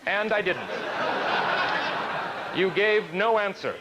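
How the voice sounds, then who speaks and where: An actor playing an exasperated game show host in a TV comedy sketch, strained and clipped. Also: male voice, high voice, expressive, takes it slowly, dull audio, a loud crowd, very noisy. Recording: TV clip, loud studio audience, music. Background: loud studio audience laughter and music.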